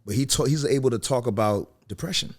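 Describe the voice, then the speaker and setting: A man's voice: mid-range voice, fast talker. A man who is a musician guest on a podcast, speaking earnestly and persuasively in casual interview chat. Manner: earnest and persuasive, says "you know what I mean" often.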